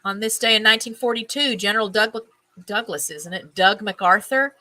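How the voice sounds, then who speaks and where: A woman's voice: medium pitch, brisk, sharp tone, low-quality recording. A woman hosting a casual stream, reading items aloud, tripping over names, and adding chatty musing asides. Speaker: host.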